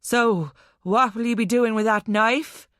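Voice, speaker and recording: A groggy young Irish man with a strong accent, voiced by a female audiobook narrator, his words slurred and fading as he complains. The reading is unhurried and set in a dry, close booth. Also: a little high, fairly bright tone, no echo. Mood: dazed, aggrieved. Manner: slurred, barely audible.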